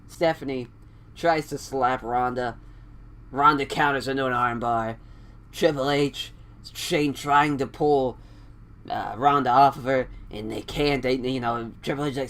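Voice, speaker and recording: A man's voice: medium pitch, normal speed. A man casually narrating an imagined wrestling show, rambling and laughing often. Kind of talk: casual storytelling.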